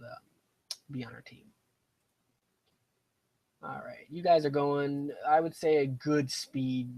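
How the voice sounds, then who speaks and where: Poor audio carries a young man's medium-pitched, somewhat mellow voice as he streams a strategy game. He keeps up relaxed, rambling commentary, talking himself through his moves and drifting off on tangents.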